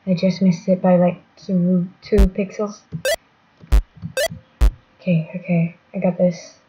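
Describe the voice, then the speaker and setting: Slow-talking woman over loud game music. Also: fairly low pitch, little pitch movement, muffled recording. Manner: self-mocking, muttering to herself, with sudden exclamations. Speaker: gaming channel host. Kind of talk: let's-play gameplay commentary.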